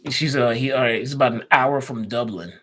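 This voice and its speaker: Male live-stream host, Chicago accent, casual chatter, average pitch. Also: brisk, a bit bright. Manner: chatty, reads out viewer comments and answers them.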